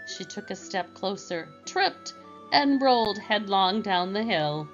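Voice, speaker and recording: A woman narrating a children's storybook in a slow, gentle reading manner. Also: mid-range voice, expressive, dull audio, soft background music.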